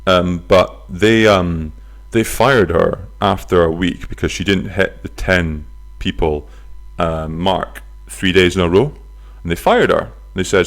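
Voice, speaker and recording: A man hosting his own podcast, chatting casually from his flat, telling stories with silly voices and some swearing. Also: sits low, measured pace, hardly any pauses. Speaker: podcast host. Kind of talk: casual solo podcast chat. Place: flat near a bus stop.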